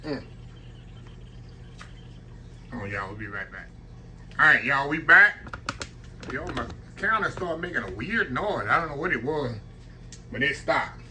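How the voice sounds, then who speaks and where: A man's voice: medium pitch, very animated, a little slow, long pauses, sharp tone, a little hiss or hum. A man hosting a cooking vlog from his home kitchen, folksy and chatty, savoring each bite aloud. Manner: folksy, says y'all often, savoring aloud. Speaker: cooking channel host. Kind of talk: casual eating vlog. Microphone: camera on a tripod.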